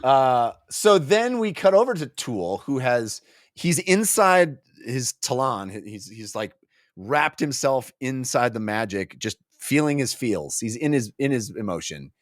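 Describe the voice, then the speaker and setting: Animated man chatting about a book. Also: medium pitch, measured pace, no echo, clean studio sound. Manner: animated, jokey, acts out scenes. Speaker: book club co-host. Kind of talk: casual book discussion.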